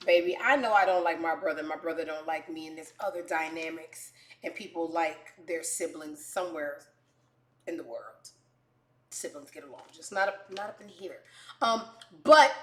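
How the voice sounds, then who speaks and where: Brash, profane New woman host, storytelling, mid-pitched, echoey room. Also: expressive, moderate pace. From New York. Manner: brash, profane, jumps between quiet asides and loud bursts. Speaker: show host. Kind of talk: casual comedic storytelling.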